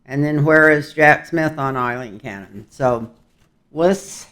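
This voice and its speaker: A man's voice: a little high, slow, a bit bright. An older man giving a casual tarot reading, talking in a rambling, folksy way with chuckling asides. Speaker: tarot reader.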